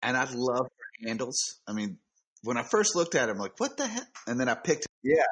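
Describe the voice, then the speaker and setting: Husky, lively podcast host chiming in. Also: male voice, medium pitch, moderate pace. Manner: chimes in with short joking asides. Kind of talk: casual podcast chat.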